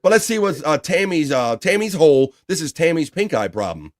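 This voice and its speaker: A man's voice: fairly high pitch, sing-song, fairly quick. A man hosting a livestream talk show, wisecracking, laughing often and reading viewer comments.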